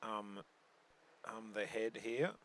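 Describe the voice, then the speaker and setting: Chatty bowls commentator. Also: male voice, lowish voice, steady tone, slow, fairly bright tone. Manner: chatty and joking, with many restarts. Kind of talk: live stream sports commentary.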